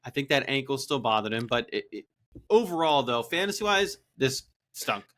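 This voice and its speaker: A man's voice: medium pitch, sing-song, moderate pace, a bit bright. A man co-hosting a podcast, recapping fantasy football games in an upbeat, enthusiastic way. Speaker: podcast co-host. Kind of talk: casual fantasy football chat.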